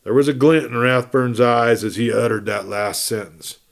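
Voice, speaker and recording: A man hosting a storytelling show, reading a western novel aloud in steady, measured narration. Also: medium pitch, vocal fry. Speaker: storyteller host.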